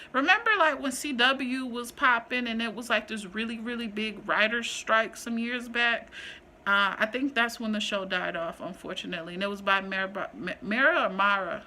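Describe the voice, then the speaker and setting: Bright chatty woman vlogger. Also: fairly high pitch, normal speed, slight background noise. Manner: chatty, animated, slangy, rambling. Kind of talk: casual chat, ranking list.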